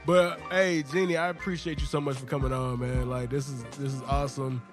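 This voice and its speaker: A young adult man hosting a podcast, telling a childhood story in slangy, animated casual talk. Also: mid-range voice, fairly quick, music in the background. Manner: animated storyteller, slangy, says "bro" often. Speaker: podcast host.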